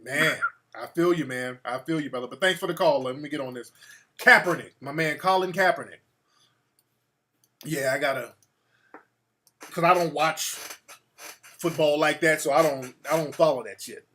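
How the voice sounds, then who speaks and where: A man's voice: on the high side, moderate pace, long pauses, a bit bright, a little hiss or hum. A man hosting a call-in talk show, chatting loosely and cursing freely. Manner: profane, loose and conversational. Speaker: radio talk show host.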